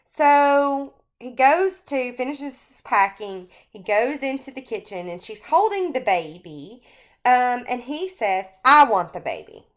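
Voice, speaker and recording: A woman teacher recording a screencast lecture on a short story, talking through it in an unhurried, explanatory way with frequent fillers. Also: high-pitched, lively intonation.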